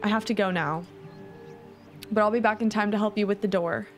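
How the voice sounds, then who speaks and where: A woman's voice: medium pitch, steady tone, fairly quick, faint music behind, close to an everyday voice. A woman reading an evasive old king. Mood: calm. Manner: reading dialogue aloud plainly. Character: wise but evasive male king.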